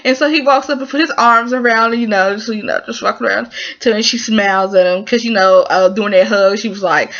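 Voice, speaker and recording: A woman's voice: medium pitch, brisk. A woman casually recapping a TV drama episode, talking in a chatty, informal and emotional way with lots of fillers. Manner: animated, emotional storytelling. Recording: muffled lo-fi recording.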